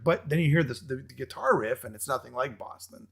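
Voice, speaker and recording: Male interview host, casual and jokey, mid-range pitch. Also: big pitch swings, fast talker, creaky, few pauses, bright, forceful tone. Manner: chatty and joking.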